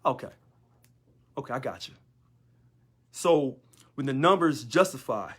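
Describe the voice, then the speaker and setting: A man's voice: medium pitch, lively intonation, measured pace, pauses often, fairly bright tone, slightly rough. A man, a union local leader, talking in a sarcastic monologue full of rhetorical questions. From United States. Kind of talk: casual monologue video.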